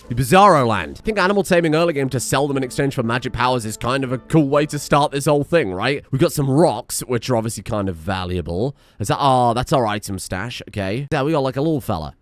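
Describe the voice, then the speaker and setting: A man hosting a let's play, narrating as he goes with excitable, jokey asides and frequent swearing, his voice strained from shouting. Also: mid-range voice. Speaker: gaming channel host.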